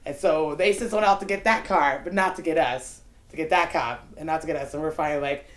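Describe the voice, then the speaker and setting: A woman's voice: deep voice, fast, roomy sound. A woman telling a personal story off the cuff, in casual speech full of "like" and the odd curse word. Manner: casual, animated, peppered with "like" and profanity. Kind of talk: unscripted personal anecdote.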